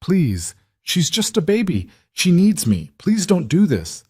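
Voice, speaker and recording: A man voicing a desperate young frontier mother, shrill and pleading. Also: expressive, a little fast, husky, no echo.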